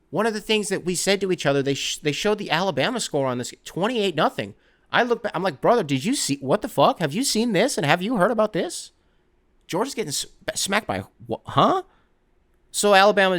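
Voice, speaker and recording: A young man hosting a sports podcast, rambling and excitable, swearing freely in casual chat. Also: mid-range voice. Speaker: podcast host.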